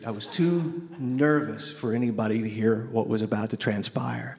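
A man's voice: lowish voice, moderate pace, few pauses. A man from Memphis telling a personal story on stage, wry and conversational, nervous and a little shaky. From Memphis, USA. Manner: conversational, wry, self-deprecating. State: nervous, shaking. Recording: long hall reverb.

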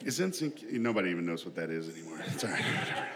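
A man's voice: sits low, very animated, very fast, a bit bright. A man telling a personal family story to an audience in a chatty, self-deprecating way, laughing often as he goes.

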